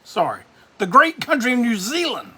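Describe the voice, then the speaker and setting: A man's voice: extremely high pitch, wildly swooping pitch, moderate pace, sharp tone, husky. A middle-aged man hosts a casual live stream, greeting viewers by name and rambling loosely.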